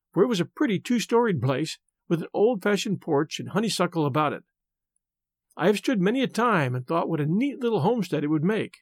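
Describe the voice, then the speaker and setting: A man reads a classic tale in the first person with a lively, rising and falling delivery. His voice sits high for a man, and the recording is close and dry. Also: no room sound. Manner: expressive, animated first-person storytelling. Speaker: audiobook narrator. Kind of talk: scripted narration of a classic story.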